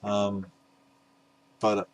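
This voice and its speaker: Exhausted after getting up at five in the morning, a middle-aged man presents records for his vinyl collecting video in a low, completely flat voice at an extremely slow pace. He rambles casually and puts himself down, with plenty of "uh"s.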